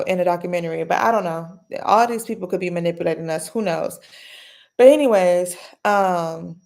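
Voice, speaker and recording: A woman hosting a casual late-night commentary, retelling a case in a chatty, animated way with slangy asides. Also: medium pitch, gravelly. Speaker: commentary host.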